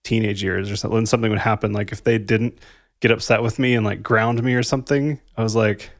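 A man's voice: fairly low pitch, steady tone, fast, dry recording, clean studio sound. A man in his thirties, a podcast co-host, reflecting casually on parenting, thoughtful, saying "like" a lot and laughing lightly. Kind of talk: casual conversation about parenting.

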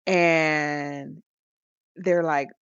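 A woman co-hosting a casual podcast, speaking slowly and a little low. She retells stories with many fillers and laughs. The sound is dry and somewhat dull. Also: steady tone, clean tone, no room sound. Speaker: podcast co-host. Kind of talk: casual chat.

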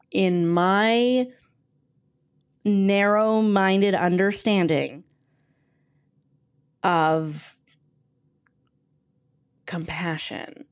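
A woman's voice: fairly high pitch, mellow. A woman hosting her podcast and working as a coach, talking casually and with self-deprecating humor while she reads passages from a book. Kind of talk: casual solo podcast talk.

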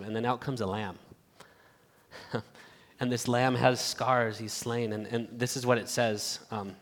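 A man preaching a sermon in a church, earnest and halting, swinging from loud appeals to hushed asides. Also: medium pitch. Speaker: pastor. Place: church sanctuary. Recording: reverberant church hall.

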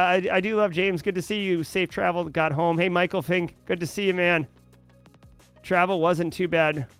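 A man's voice: high-pitched, a bit bright. A man with a Boston accent hosting a daily cybersecurity livestream, chatting casually with many fillers and greeting viewers from chat. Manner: conversational, many fillers, reads chat aloud.

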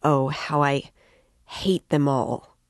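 A woman reading the part of a brooding, bitter young man in a storybook reading, slow and low in his scornful thoughts. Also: a little mellow, no echo, studio quality. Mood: bitter muttering.

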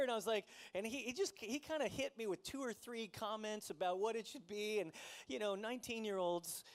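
High-pitched guy preaching, chatty storytelling sermon, laughs at himself a lot. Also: a little fast. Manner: conversational storytelling, self-deprecating, laughs often. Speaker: pastor.

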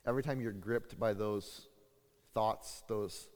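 A man preaching a sermon as pastor, halting and full of fillers and restarts, getting louder and higher when he acts out what people say. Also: fairly even intonation. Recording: long hall reverb.

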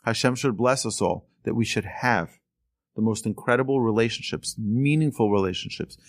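An animated man preaching a storytelling sermon, his pitch rising and falling as he builds the tale. His voice sits at an ordinary middle pitch, and the sound is dry and close with no room around it. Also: normal speed, dry recording. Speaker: Torah teacher.

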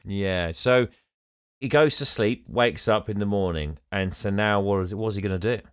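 A man's voice: lowish voice, moderate pace, clear, resonant tone, dry recording, studio quality. A man hosting a podcast, recapping a film in casual chat and laughing often.

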